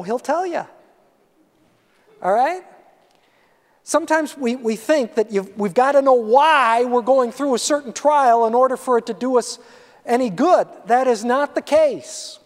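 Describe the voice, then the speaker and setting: High-voiced pastor in a reverberant hall. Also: male voice. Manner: conversational, animated preaching with asides. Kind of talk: sermon.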